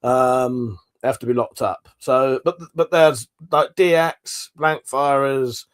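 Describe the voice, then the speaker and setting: A man hosting a livestream talks slowly in a steady, medium-pitched voice. He rambles through a casual chat, reading live comments aloud and sometimes swearing.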